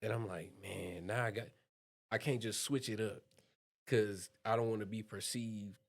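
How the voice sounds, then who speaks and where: Young dude, deep voice, earnest and thoughtful, casual podcast chat. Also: male voice, fairly even intonation, moderate pace, creaky. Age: young adult. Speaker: podcast co-host. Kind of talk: casual conversation.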